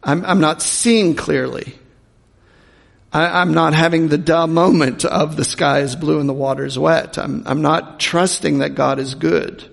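A man preaching a sermon in earnest, repeating words and slowing down to stress them, recorded in a long-reverb church hall. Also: on the high side, steady tone, gravelly. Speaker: pastor.

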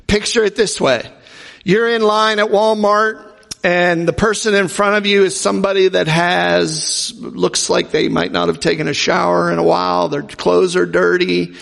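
A man's voice: high voice, normal speed, creaky, a bit bright, long reverb tail. A man giving an informal, conversational sermon with jokey asides and acted-out quotes. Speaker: preacher.

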